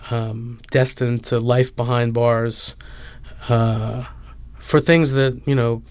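A man's voice: mid-range voice, flat delivery, slow pace, a little mellow, no echo. A man, a book author, answering interview questions thoughtfully with many fillers and restarts.

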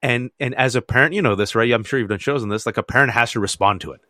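A man, an author, talking in a radio interview as an animated storyteller who laughs often. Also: mid-range voice, fast talker, no echo. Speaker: author and guest.

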